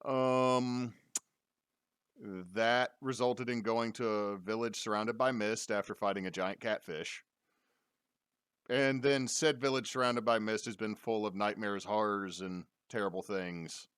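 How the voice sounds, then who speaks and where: A man's voice: fairly low pitch, steady tone, measured pace, fairly bright tone, clean tone, dry recording, studio quality. A man acting as dungeon master, giving a casual, jokey recap of a tabletop game on a stream.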